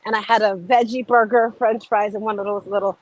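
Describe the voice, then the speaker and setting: A woman's voice: mid-range voice, fairly even intonation, fairly quick, no room sound, low-quality recording. A woman life coach hosting a casual livestream, chatty and enthusiastic, greeting her viewers by name. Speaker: life and fitness coach, show host.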